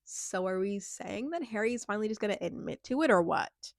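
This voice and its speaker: A woman's voice: mid-range voice, lively intonation, a little fast, vocal fry, no echo, clean studio sound. A woman giving a casual, chatty recap of a reality show, rambling with lots of fillers and acting out quotes with a laugh.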